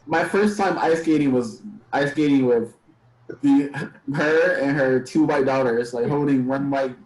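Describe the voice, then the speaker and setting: A man's voice: mid-range voice, measured pace. A man in casual chat, hesitant and full of fillers. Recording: roomy echo with loud crowd noise.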